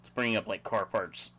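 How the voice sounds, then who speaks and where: A man's voice: fairly low pitch, bright, forceful tone, breathy edge. A man hosting a casual livestream, rambling and chuckling as he reads out viewer chat. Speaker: livestream host.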